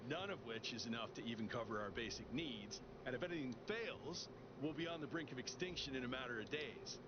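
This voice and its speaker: A man's voice: mid-range voice, background noise, lightly acted. A man voicing an earnest young male android activist in a video game, with a laid-back, surfer-like way of talking as he gathers petition signatures. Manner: earnest, persuasive. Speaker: petition-gathering transit worker. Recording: dull audio under game music.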